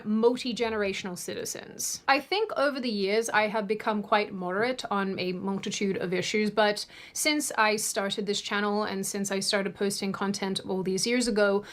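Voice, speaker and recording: A woman from Sydney talks straight to camera on her channel, giving opinionated political commentary. Her delivery is earnest and heated, with some laughs of disbelief mixed in. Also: medium pitch. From Australia, Sydney. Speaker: video essay host.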